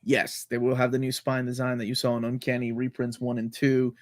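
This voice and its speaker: A man's voice: medium pitch, completely flat delivery, fairly quick, no room sound. A man hosting a casual video-call podcast, talking enthusiastically and rambling with lots of fillers. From Latin America. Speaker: podcast host. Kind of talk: casual comic-book chat.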